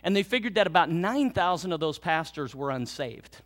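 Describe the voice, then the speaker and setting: Emphatic higher-voiced male preacher. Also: expressive, normal speed. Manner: emphatic, swinging between loud exhortation and hushed lines. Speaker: pastor. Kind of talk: sermon. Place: church.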